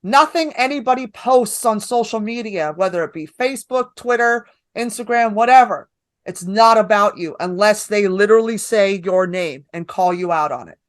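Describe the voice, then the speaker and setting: Woman, stand-up comedian, podcast guest, casual chat, animated storytelling, middle pitch. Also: normal speed, dry recording. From New York. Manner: animated storytelling with acted-out quotes.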